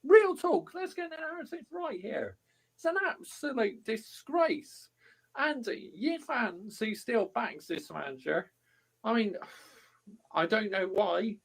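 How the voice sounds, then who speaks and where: A man rants about his football team in a high, strained voice that leaps up and down as he shouts. He swears constantly and sounds furious throughout the vlog. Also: expressive, slow pace, vocal fry. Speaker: football fan vlogger. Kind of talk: angry fan rant to camera.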